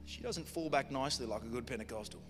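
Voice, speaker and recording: A man with a fast, mid-range voice preaches a sermon, telling a story in a humorous, conversational style. The recording has long hall reverb with music playing behind him.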